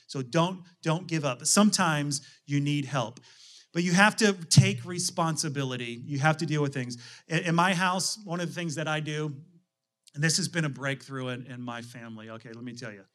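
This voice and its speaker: A man's voice: a little high, a bit bright. Man preaching a casual, conversational sermon. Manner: conversational preaching with frequent restarts and rhetorical questions. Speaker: pastor.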